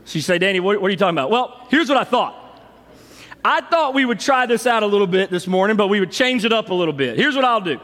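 A middle-aged man, a pastor telling stories in an animated sermon. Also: sits high, a little fast. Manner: storytelling, animated, fond of shouting the cheer. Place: large church sanctuary. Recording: long hall reverb.

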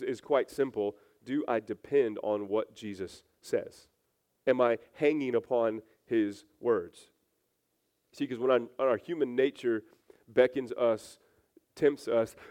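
A man's voice: medium pitch, a little mellow. A male pastor giving a sermon, shifting from casual, filler-heavy storytelling to earnest teaching with big swings in energy.

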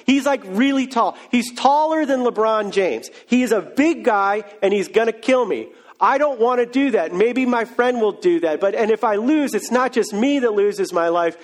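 A man's voice: high voice, expressive, normal speed, few pauses. A man preaching a sermon, retelling a story in a casual, joking way. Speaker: pastor.

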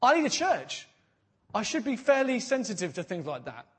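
A man in his thirties preaching a sermon as a pastor, animated and jokey, quoting voices and dropping to a hush for effect. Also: high-pitched, moderate pace, slightly rough. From Britain.

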